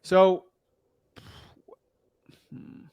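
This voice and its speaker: A young man from the United States giving casual, slangy coaching advice on a call, thinking out loud as he looks things up. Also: extremely slow, no room sound, studio quality. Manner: laid-back, slangy, talks through what he looks up. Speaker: real estate wholesaling coach.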